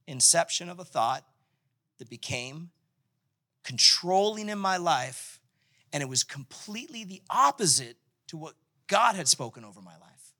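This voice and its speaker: A man preaching a sermon in a conversational, animated way, acting out the scripture as he goes. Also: high-pitched, normal speed. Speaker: pastor.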